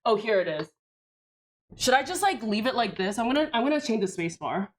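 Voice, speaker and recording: A young woman livestreams while building a keyboard, rambling casually, breaking off mid-thought, swearing freely and responding to her chat. Her voice is on the high side with big pitch swings, and she speaks briskly.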